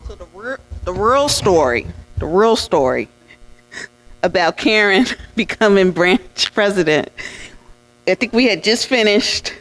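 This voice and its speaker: Woman, mid-pitched, speaker at a banquet who tells funny, proud stories. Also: slow pace, pauses often, rough recording. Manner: warm-hearted storytelling with laughs and lively quoted asides. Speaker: speaker at an awards dinner. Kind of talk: anecdotal speech to an audience.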